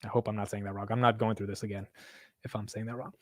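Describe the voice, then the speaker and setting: A man hosting a live market show, talking casually in an animated, profane, self-mocking way. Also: fairly low pitch, fast talker, no room sound, studio quality. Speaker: market livestream host.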